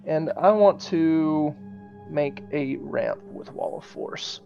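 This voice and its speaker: Slow, hesitant man playing a tabletop game. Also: fairly high pitch, animated, gravelly, dark tone, muffled recording, faint music behind. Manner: slow, hesitant, laughs often. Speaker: player. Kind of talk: casual tabletop chat.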